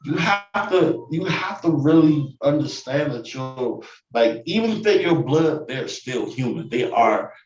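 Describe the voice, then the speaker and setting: A man's voice: a little high, animated, measured pace, few pauses, darkish tone, recorded from a distance, muffled recording, faint music behind. Intense man, off-mic in a roomy space. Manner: intense, emphatic, repeats himself. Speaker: podcast co-host. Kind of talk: casual chat, personal story.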